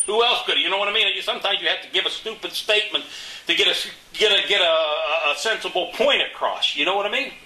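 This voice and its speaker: A man's voice: sits high, fast talker, bright, forceful tone, roomy sound, distant mic, rough recording. An older man in a casual interview, telling folksy, indignant stories about his community, restarting and repeating words as he goes. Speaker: interviewee, local resident.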